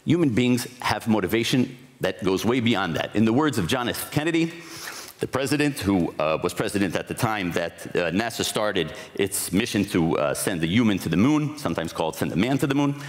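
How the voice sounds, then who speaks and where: A man speaks from a conference stage, his pitch swinging widely as he works through his points. His delivery is reflective and explanatory, with the odd restart. The sound carries a long reverb from a large hall. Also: animated, normal speed. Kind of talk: conference talk.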